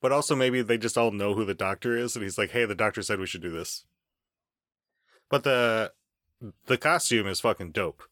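A man with a fairly low voice chats casually on a podcast, animated and quick to laugh, swearing offhandedly. The sound is dry and close, with no room around it. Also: no room sound. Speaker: podcast host.

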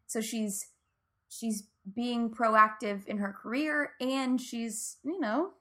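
A woman in a casual TV recap chat, animated and often laughing as she talks through scenes. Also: fairly high pitch, takes it slowly. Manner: animated, laughs often, quotes lines in funny voices.

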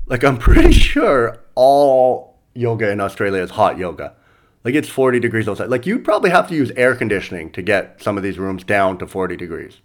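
A man's voice: fairly low pitch, big pitch swings, a little fast. A comedian and podcast host telling stories in a loose, rambling way, chuckling at his own punchlines. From Canada. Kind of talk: casual storytelling monologue.

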